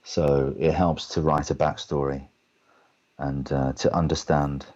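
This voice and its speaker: An English man, a guest actor, telling lively anecdotes on a video call and acting out the other people in his stories. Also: rumbling low, a little slow, dull audio. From England. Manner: animated anecdotes, acts out other people's lines. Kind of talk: storytelling in a webcast Q&A.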